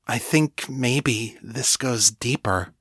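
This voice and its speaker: Rebecca, a determined young psychic woman, sounds earnest and urgent about trouble she suspects, in a plain, close, dry audiobook read by a man doing her lines. She is voiced lightly, close to the reader's own middle-pitched voice. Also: takes it slowly, a bit bright, dry recording. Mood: worried.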